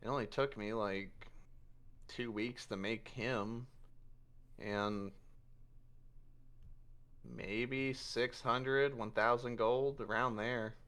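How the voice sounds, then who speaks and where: Man voicing a frantic eccentric inventor, squeaky, rushed, bright tone, tabletop game character. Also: fairly even intonation, smooth. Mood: nervous.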